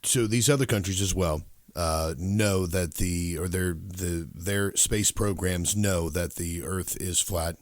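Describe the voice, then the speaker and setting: A man hosting a podcast interview, asking his guest questions in a halting way with restarts. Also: low voice, no room sound, studio quality. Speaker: podcast host.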